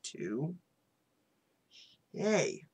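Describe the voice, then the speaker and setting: A man's voice: on the high side, big pitch swings, very slow, husky. A man hosting a casual movie review, talking in a rambling way and restarting his sentences. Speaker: channel host, movie reviewer.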